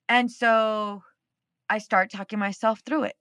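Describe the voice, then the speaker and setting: A woman's voice: mid-range voice, steady tone, unhurried, fairly bright tone, no room sound. A woman hosting a podcast, telling a personal story in a casual, candid way and swearing freely. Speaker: podcast host.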